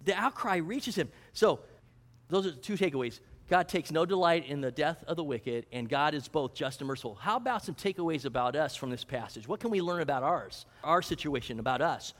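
A man's voice: on the high side, animated, fairly quick, a bit bright, in a large hall. A man preaching a sermon to a congregation, teaching from the text and asking them questions. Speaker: pastor.

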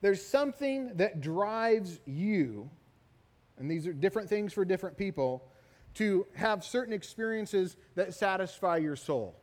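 A middle-aged man preaching a sermon, telling stories in an animated way and often asking "right?". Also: high voice, unhurried. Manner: animated storytelling, repeated "right?" tags. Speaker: pastor. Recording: long hall reverb.

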